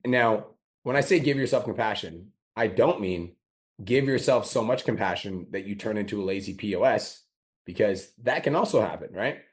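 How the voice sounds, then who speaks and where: A man's voice: fairly low pitch, normal speed. A man hosting a podcast, giving a blunt, profane motivational talk and acting out his own inner complaints. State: recovering from a sore throat. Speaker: podcast host. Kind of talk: motivational monologue.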